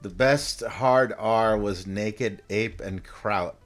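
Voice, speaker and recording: A man's voice: lowish voice, slow pace, soft background music. A man casually commenting while playing a game, rambling, swearing and amusing himself with his own jokes. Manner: rambling, profane, self-amused. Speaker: game streamer.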